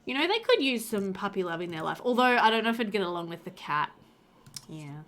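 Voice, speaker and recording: A woman's voice: medium pitch, very animated, fairly quick, fairly bright tone. A young woman casually commenting on her life-sim gameplay, chatty and doting, cooing over the pets with frequent laughter. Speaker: let's play host.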